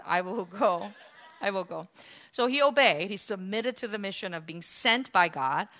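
Woman preacher, sermon, animated storytelling, asks and answers questions, bright tense voice. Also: a little high.

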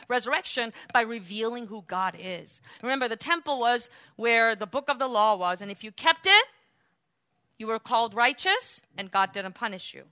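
A woman preaching a sermon, moving between quiet explaining asides and loud, emphatic, rising outbursts. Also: fairly high pitch, animated, moderate pace, dry recording.

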